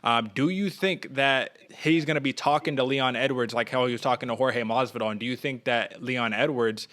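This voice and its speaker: A man co-hosting a combat sports podcast, talking casually and animatedly, often putting questions to his co-host. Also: medium pitch. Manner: fast, animated, asks questions, acts out quotes.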